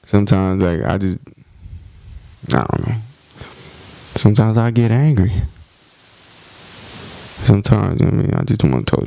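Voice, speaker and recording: A man's voice: lowish voice, expressive, normal speed, vocal fry, pauses often, warm tone. A man hosting a podcast, talking in a blunt, profane, passionate monologue about faith and self-improvement. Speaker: podcast host.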